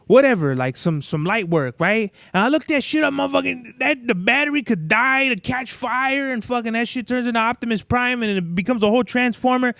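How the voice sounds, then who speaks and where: A man's voice: extremely high pitch, a little fast, vocal fry, few pauses, pushed and bright, dry recording, studio quality. A young man hosting a solo podcast, telling rambling stories in a laid-back, profanity-heavy way. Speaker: podcast host. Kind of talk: casual solo podcast monologue.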